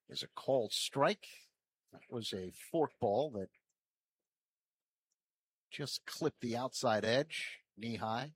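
A man calling baseball play-by-play from a ballpark booth, with measured calls that lift and get louder on each pitch. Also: animated, husky, dry recording. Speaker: play-by-play announcer.

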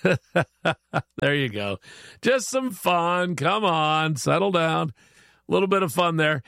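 A man's voice: on the high side, animated, slow pace, creaky, pauses often, bright, forceful tone, no room sound. A male radio morning show host in casual chat, upbeat, chatty and friendly, in a studio.

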